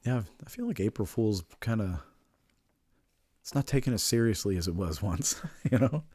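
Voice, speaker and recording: A middle-aged man with a very low, husky voice chats casually on a podcast in a wry, laid-back way, chuckling often. The sound is dry and close to the mic. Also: lively intonation, moderate pace, mellow, no room sound. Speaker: podcast co-host. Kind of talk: casual chat.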